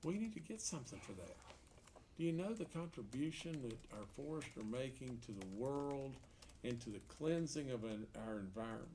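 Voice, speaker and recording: In an unscripted interview answer, a man running for office addresses an editorial board at a meeting room table, speaking folksily and emphatically with repeated words and rhetorical questions. His medium-pitched voice is warm with lively intonation at a moderate pace, over slight background noise.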